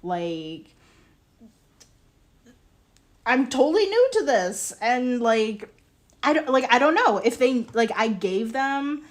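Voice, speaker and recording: Sounding incredulous and exasperated, a young woman with a fairly high pitch chats animatedly on stream as she makes ceramics. She tells a story with frequent "like"s and bursts of laughter.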